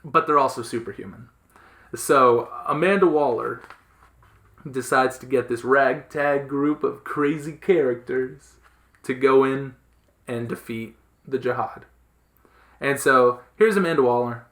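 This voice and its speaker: A man's voice: mid-range voice, unhurried, fairly bright tone. A man hosting a casual podcast chat, explaining things enthusiastically with lots of fillers and restarts. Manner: enthusiastic, rambling, many fillers. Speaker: podcast host. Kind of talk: casual chat about comics.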